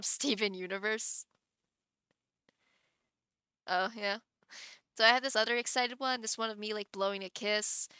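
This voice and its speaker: A woman's voice: medium pitch, bright, forceful tone, clear, resonant tone, no room sound, clean studio sound. A woman streamer chatting casually on a live stream, giggling often and rambling with many restarts.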